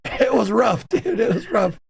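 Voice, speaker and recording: A young man with a gravelly edge to his voice tells wild stories in a loose, casual chat. His pitch swings up and down as he gets into it, and he laughs between lines. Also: measured pace. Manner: animated, laughing storyteller. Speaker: host interviewing his mother.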